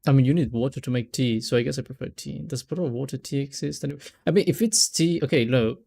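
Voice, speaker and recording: Male streamer, mellow tone, rambling casual chat, trips over names. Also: mid-range voice, fast talker, vocal fry. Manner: rambling, stumbles over names, laughs often. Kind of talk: casual let's-play chat.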